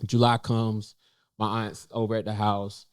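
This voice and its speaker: This young man from North Carolina, USA, a podcast co-host, recounts a personal story casually indoors at a cafe. His smooth voice sits on the low side with a flat delivery, broken by many fillers and restarts, and climbs when he quotes himself. The recording is dry and studio-clean.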